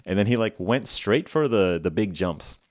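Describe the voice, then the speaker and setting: A man's voice: fairly low pitch, animated, normal speed, dry recording, clean studio sound. A man hosting a podcast for English learners, telling a story casually in simple words, with lots of "like" and frequent chuckles. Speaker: podcast host.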